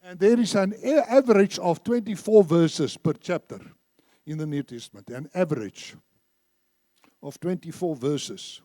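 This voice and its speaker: A man's voice: a little high, lively intonation, unhurried, mellow, no echo. A man preaching a sermon in a church, emphatic, repeating phrases and leading the congregation in reciting scripture. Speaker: church speaker.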